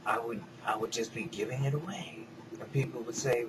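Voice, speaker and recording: A man rambling in a casual, reflective monologue, swearing freely and drifting between soft mutters and louder bursts. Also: mid-range voice, lively intonation, normal speed, noisy background. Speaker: vlogger.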